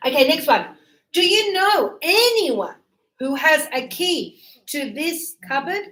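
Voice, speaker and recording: A woman's voice: high voice, animated, slow, fairly bright tone, echoey room. A middle-aged woman teaching a grammar lesson to a class, acting out little scenes with voices as examples. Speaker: English teacher.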